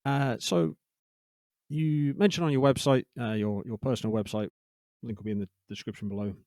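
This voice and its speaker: A man's voice: medium pitch, fairly even intonation, moderate pace, a little mellow, no room sound. Hesitant male podcast host, dry sound. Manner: hesitant, searching for words with many fillers. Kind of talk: interview questions.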